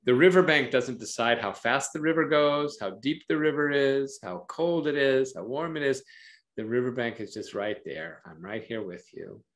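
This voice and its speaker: A man, a psychologist, explaining parenting ideas in a conversational interview, animated and thoughtful, often acting out voices in quotes. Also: mid-range voice, moderate pace. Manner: thoughtful, uses metaphors to explain. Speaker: psychologist and author, interview guest.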